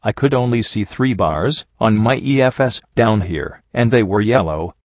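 Low-voiced man narrating a story, dull sound. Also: animated, normal speed, no room sound. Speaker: audiobook reader. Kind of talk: first-person story narration. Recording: dull lo-fi recording.

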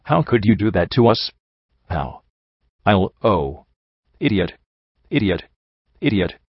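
A man voicing a tearful young female pegasus pony, speaking in a low voice with emotional, pleading delivery. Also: sing-song, slow, slightly rough, no echo, highs cut off, heavily acted. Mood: angry, tearful.

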